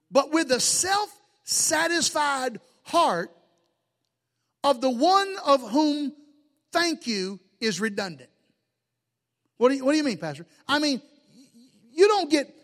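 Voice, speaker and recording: A man's voice: high voice, fairly bright tone. A man preaching a sermon as pastor, folksy and emphatic, with lots of repetition. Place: church sanctuary. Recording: long reverb of a large hall.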